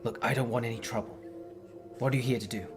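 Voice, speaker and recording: A man playing a gaunt, starved and wary grown man who talks in a low, guarded mutter from behind a door, in a horror tabletop game. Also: steady tone, quick pace, over music, close to an everyday voice.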